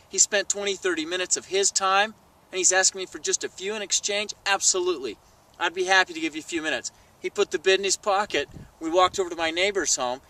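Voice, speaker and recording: A man telling a sales story to camera in a vlog, animated and acting out the people he quotes. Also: sits high, distant mic, low-quality recording. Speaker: sales trainer. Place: outdoors.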